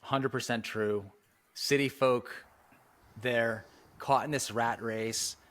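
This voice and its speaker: A man hosting a casual interview, asking questions and giving relaxed opinions. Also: mid-range voice, slow. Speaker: host.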